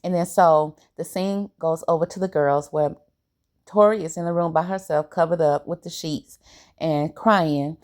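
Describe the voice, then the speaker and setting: Woman, low voice, mellow tone, reality show recap, opinionated, colloquial. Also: moderate pace. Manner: animated, opinionated, briefly acts out quoted lines; relaxed colloquial grammar. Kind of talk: casual episode recap and commentary.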